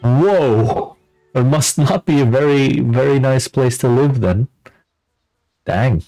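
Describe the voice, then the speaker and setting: A man's voice: medium pitch, slow pace, warm tone, faint music behind, rough recording. A man streaming a fantasy role-playing game, reading dialogue aloud and reacting playfully. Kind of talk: casual let's-play commentary.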